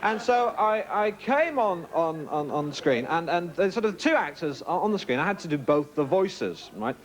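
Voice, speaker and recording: A young man doing a stand-up routine, telling a story in an animated way and slipping into silly voices. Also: a little high, moderate pace. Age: young adult. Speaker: stand-up comedian. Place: comedy club stage. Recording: live club with loud crowd noise.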